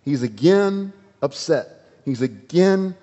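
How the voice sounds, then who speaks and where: A man's voice: a little high, expressive, slow pace. Dramatic preacher man in a reverberant hall. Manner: dramatic, swinging from loud to hushed. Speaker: pastor. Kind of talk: sermon. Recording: dull audio with long hall reverb.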